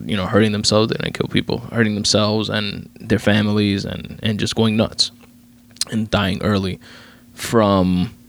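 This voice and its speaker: A young man hosting his own podcast, ranting casually about a movie, swearing freely, with lots of fillers and restarts. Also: fairly low pitch. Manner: profane, rambling, many fillers and restarts. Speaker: podcast host. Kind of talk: casual solo podcast rant.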